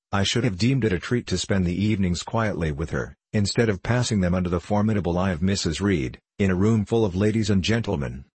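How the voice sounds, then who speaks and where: A man reading a classic novel aloud as scripted narration, in a measured, steady way. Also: deep voice, husky, dry recording. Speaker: audiobook narrator.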